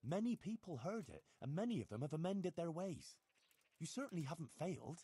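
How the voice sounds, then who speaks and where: A dutiful, earnest medieval hero. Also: male voice, on the high side, sing-song, brisk, warm tone, breathy edge. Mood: persuasive. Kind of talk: video game voice acting.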